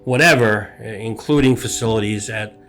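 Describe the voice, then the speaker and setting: A middle-aged man, a hospital executive, talking earnestly and at a measured pace about balance on a podcast, building his points in short listed phrases. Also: on the low side, fairly bright tone, soft background music. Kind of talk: reflective podcast talk.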